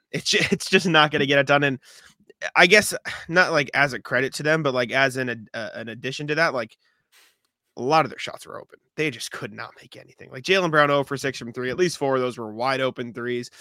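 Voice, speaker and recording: A man hosting a casual sports podcast, talking loosely and reeling off stats in quick lists. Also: mid-range voice, bright, forceful tone, no room sound, clean studio sound. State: has the hiccups. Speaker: podcast host.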